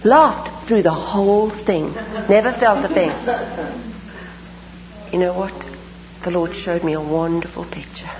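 A woman preaching a sermon, telling stories and praying in an animated, emphatic way with repeated phrases. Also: fairly low pitch, measured pace, pauses often, crowd noise, poor audio. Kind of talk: sermon with storytelling and prayer.

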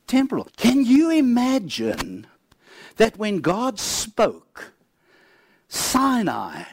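A man preaching a sermon, telling stories with lively swings between animated bursts and low, quiet emphasis. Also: dry recording.

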